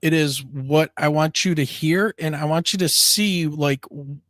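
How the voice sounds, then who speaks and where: Higher-voiced man hosting a livestream. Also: steady tone, unhurried, a bit bright, no echo, clean studio sound. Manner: loose and searching, with fillers and restarts. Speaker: show host. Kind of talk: casual livestream interview.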